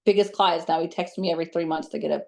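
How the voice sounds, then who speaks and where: A woman who works as a psychic medium, telling stories as an interview guest in a chatty, animated way with lots of fillers. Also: deep voice, fast, creaky. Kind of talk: casual storytelling in an interview.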